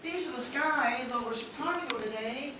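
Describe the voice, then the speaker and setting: A man's voice: very high voice, normal speed, noisy background, voice pushed up. A man imitating an American woman TV weather presenter with an American accent, speaking in a soothing, reassuring tone. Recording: roomy hall, mic far off.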